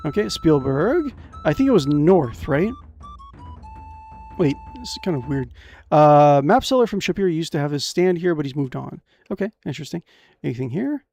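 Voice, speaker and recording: A creaky, higher-than-average male voice narrates a fantasy adventure game stream, reading the on-screen text aloud. It's casual gameplay talk, excitable and full of crude jokes.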